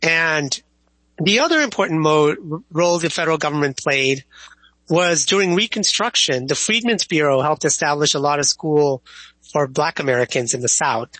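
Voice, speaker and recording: Man, history professor, interview guest, thoughtful, measured, slightly high, dry sound. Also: animated, pushed and bright, no echo, poor audio. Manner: thoughtful, measured, with small restarts.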